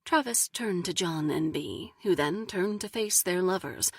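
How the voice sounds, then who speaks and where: A woman reading an audiobook in a soft, slow narration, lightly voicing each character. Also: lowish voice, animated, slightly rough, dry recording, studio quality. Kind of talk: scripted narration.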